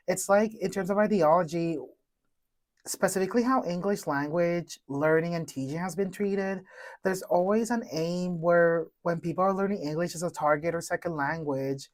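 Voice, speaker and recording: Woman, low voice, student co-host, articulate academic chat. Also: a little mellow. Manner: articulate, cites readings. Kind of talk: casual academic discussion.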